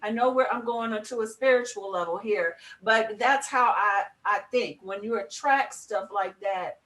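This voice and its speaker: Animated woman in an echoey room. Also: mid-range voice, moderate pace. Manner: animated, emphatic, spiritual musing. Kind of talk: casual chat.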